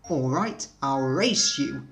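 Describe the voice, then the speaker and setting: Man voicing cocky road bus, drawls slowly, mocking, storybook. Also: mid-range voice, animated, fairly bright tone, soft background music. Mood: challenging. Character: boastful male country bus, teasing.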